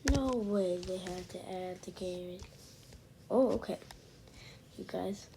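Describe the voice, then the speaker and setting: Gaming host, woman, unhurried and rambling, hissy home mic. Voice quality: high, pitchy voice. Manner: rambling, chatty, drops into soft asides. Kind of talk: casual gameplay commentary. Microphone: own desk microphone. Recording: noisy home recording with hiss and clicks.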